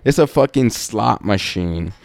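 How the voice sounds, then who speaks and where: A man's voice: on the low side, expressive, measured pace, gravelly, no echo. A man hosting a podcast, telling a story in a casual, profane, laid-back way with laughing asides. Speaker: podcast host.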